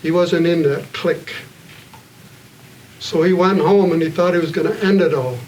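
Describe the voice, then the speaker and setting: A man's voice: a little high, a little mellow. Earnest man speaking from afar. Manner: earnest, plain-spoken, pauses often. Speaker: panel speaker at a community evening. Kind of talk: heartfelt public storytelling. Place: gathering room with an audience. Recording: distant mic, faint room noise.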